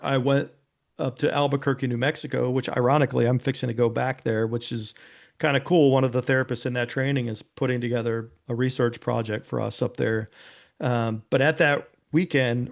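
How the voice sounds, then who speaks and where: A man's voice: mid-range voice, creaky. A man, a former police officer, guesting on an interview and telling a personal story in an earnest, casual way, often adding "you know" and "right?". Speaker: interview guest, nonprofit founder.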